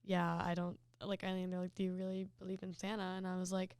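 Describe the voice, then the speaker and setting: A woman's voice: fairly low pitch, monotone, quick pace, a little mellow, smooth, dry recording. A young woman co-hosting a podcast, talking in a rambling, reflective way with many fillers. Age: young adult. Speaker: podcast co-host. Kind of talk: casual chat.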